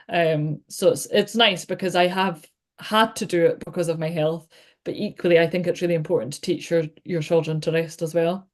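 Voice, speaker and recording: A woman's voice: on the low side, fairly even intonation, moderate pace. A Scottish woman in her thirties, a podcast guest, talking casually and chattily with lots of likes and you-knows. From Scotland. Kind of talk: casual chat.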